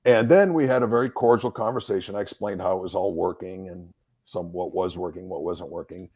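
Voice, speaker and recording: A man's voice: low voice, fairly quick, breathy edge. A middle-aged man, a Marine reservist officer, telling a story in a casual interview and acting out the dialogue as he goes. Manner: animated storyteller who acts out quoted dialogue.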